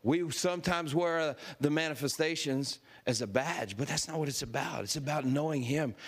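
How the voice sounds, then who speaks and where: A man's voice: fairly high pitch, moderate pace, slightly rough. A male preacher telling a story in a sermon, laughing as he acts out the voices of the people in it. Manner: lively, laughing storyteller who acts out quotes.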